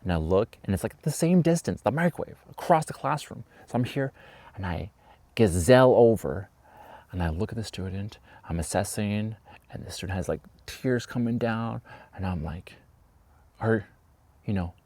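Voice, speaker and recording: Low gravelly man telling a story. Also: normal speed, dry recording. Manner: animated storyteller, acts out voices. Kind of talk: storytime vlog.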